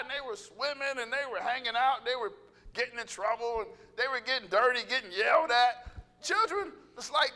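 A man preaching a sermon, animated and joking, acting out little voices and calling out to the congregation. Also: very high voice. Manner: animated, joking, acts out voices, laughs often; calls out to congregation.

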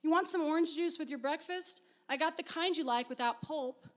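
A woman reading a story aloud, voicing an older father who speaks plainly and gruffly. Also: high voice, brisk, pitched above the performer's own voice, close to an everyday voice. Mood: gentle.

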